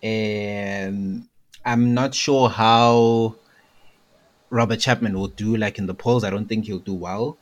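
A man's voice: on the low side, steady tone, slow pace. A young man chatting casually as a podcast co-host, telling stories and checking in with "right?". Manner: storytelling, keeps checking in with "right?". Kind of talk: casual chat.

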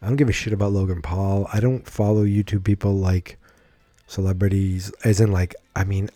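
A man's voice: low voice, fairly even intonation, normal speed, warm tone, dry recording. A man giving a rambling, frank solo commentary on wrestling, swearing freely and thinking aloud. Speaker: wrestling podcaster.

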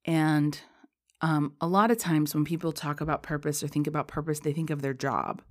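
Casting note: low-pitched woman podcast host, heavily pregnant, rambling and chatty, quick to laugh. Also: steady tone. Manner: chatty, rambling, many fillers, laughs often. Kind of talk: casual spiritual podcast chat.

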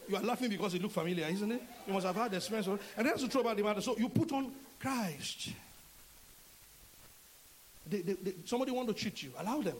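A middle-aged Nigerian man preaching a sermon as a pastor, animated and acting out dialogue in shifting voices. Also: sits high, quick pace, slight background noise, low-quality recording.

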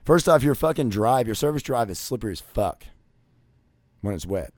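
Man, profane storytelling, constant swearing, rambling with fillers, loud bursts and low mutters, dry close sound. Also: animated, normal speed, no echo. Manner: crude, swears constantly, many fillers like "you know". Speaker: vlogger.

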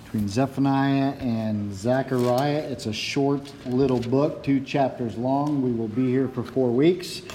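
A man's voice: mid-range voice, steady tone, unhurried, hardly any pauses, warm tone, a little hiss or hum. A man preaching a sermon who reads scripture aloud, prays, then preaches. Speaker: pastor.

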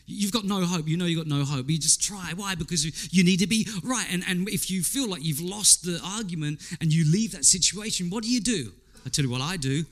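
A man's voice: high voice, a little fast, hardly any pauses. A man preaching a sermon in a conversational way, asking his listeners rhetorical questions, repeating words as he goes and quoting people in character.

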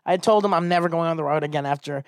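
A man's voice: fairly high pitch, rapid-fire, dry recording, clean studio sound. Man telling a comic road story. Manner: animated, acts out quoted voices. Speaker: stand-up comedian guest. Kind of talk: casual storytelling.

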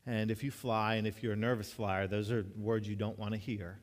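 Earnest pastor preaching in a reverberant hall. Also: male voice, fairly low pitch, little pitch movement, a little fast. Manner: earnest, storytelling, often restarts and repeats words. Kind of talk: conversational sermon. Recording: long reverb of a large hall.

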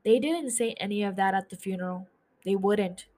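A grieving middle-aged man talks slowly and tenderly about his mother, as a woman reads his lines in her own everyday voice. The voice sits at an ordinary middle pitch. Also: a little mellow, lightly acted.

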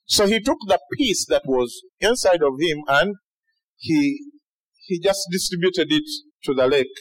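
A man preaching a sermon to a large congregation, animated, with shouted peaks and acted-out quotes. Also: fairly high pitch, a little slow, poor audio. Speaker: pastor.

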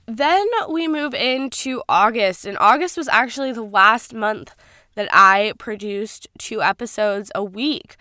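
A woman's voice: a little high, a little slow, sharp tone, no room sound, studio quality. A young woman hosting her own podcast, chatting casually and gushing with lots of "like" fillers. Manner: bubbly, gushing, filler-heavy. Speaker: podcast host. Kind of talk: casual solo podcast recap.

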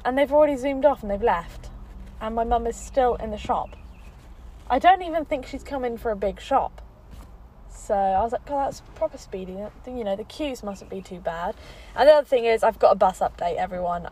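Young English woman with a higher-pitched voice, recording a rambling podcast chat in a parked car. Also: rough recording. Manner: chatty and rambling, lively storytelling. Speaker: podcast host. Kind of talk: casual chat.

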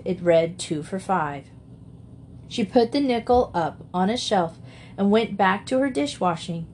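A woman narrating a classic children's novel in a steady, measured reading voice. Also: mid-range voice, slight background noise. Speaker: audiobook narrator. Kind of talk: storybook narration.

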